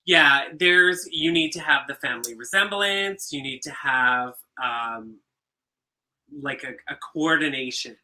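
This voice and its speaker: A man co-hosting a casual drag show review, recapping with animated, giggly energy. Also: mid-range voice, a little slow, low-quality recording. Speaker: drag queen co-host. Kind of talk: casual chat.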